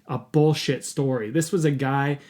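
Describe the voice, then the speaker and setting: A man's voice: medium pitch, fairly even intonation, normal speed, darkish tone. A man hosting a podcast, telling a personal story in an earnest, candid way and swearing casually. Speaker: podcast host.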